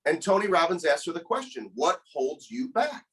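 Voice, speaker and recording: A man's voice: a little high, very animated, normal speed, fairly bright tone, low-quality recording. A man in his thirties, a motivational speaker, telling a personal story in an earnest, emotional way and often repeating words as he starts a thought. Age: 30s. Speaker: guest, motivational speaker and coach. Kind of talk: conversational storytelling.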